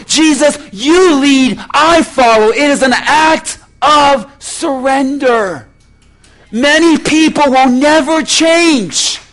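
High-voiced, slow-preaching pastor. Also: male voice, a bit bright. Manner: preaching with slow, emphatic delivery and rhetorical questions. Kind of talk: sermon.

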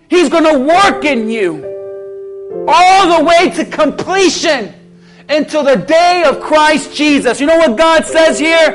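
High-voiced male pastor preaching slowly. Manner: preaching with call-and-response, from shouted peaks to a hushed altar call. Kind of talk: sermon. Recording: music playing under the voice.

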